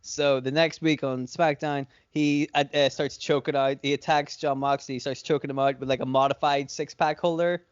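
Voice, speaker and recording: A podcast co-host with a fairly high, fairly even voice rambles through an imagined fantasy-booking storyline at a moderate pace, smooth and with few pauses, packing in fillers and swearing. The recording is dry, with a slightly dull lo-fi quality.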